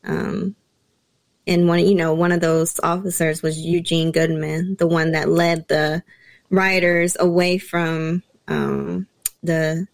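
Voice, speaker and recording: A woman co-hosting a casual talk show, bringing up news topics with frequent pauses. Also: lowish voice, little pitch movement, creaky, dry recording, rough recording. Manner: introduces topics, many ums. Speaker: podcast co-host. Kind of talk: casual chat.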